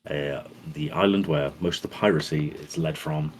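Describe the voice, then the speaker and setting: A man's voice: rumbling low, very animated, normal speed, vocal fry, a crowd in the background. A man acting as game master, casually setting the scene for his players. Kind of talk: running a tabletop game.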